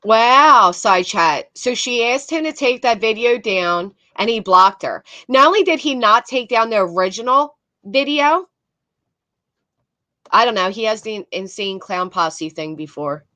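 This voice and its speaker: Bright, blunt woman commentating. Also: fairly high pitch, expressive, a little slow, no echo. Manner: blunt, swears, reads chat aloud. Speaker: commentary host. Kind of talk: casual commentary on clips.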